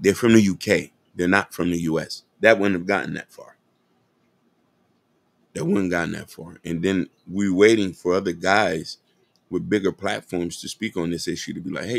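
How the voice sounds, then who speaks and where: A podcast host with a low, gravelly voice gives an earnest, impassioned commentary monologue. He talks straight to his audience and calls them "y'all."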